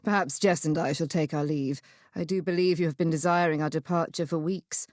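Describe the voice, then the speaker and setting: A woman voicing a gruff, blunt elder brother with a grumbling, disapproving manner. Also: low-pitched, steady tone, brisk, darkish tone, no room sound, studio quality, pitched below the performer's own voice, close to an everyday voice.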